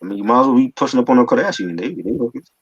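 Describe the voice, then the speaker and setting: A man's voice: mid-range voice, animated, racing, no room sound, muffled recording. A man co-hosting a casual hip hop album review, slangy, joking and opinionated.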